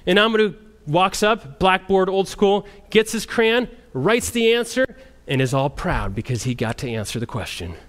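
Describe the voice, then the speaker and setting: Lively high-voiced male missionary storyteller. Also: normal speed. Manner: animated storyteller, frequent restarts. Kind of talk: storytelling testimony talk.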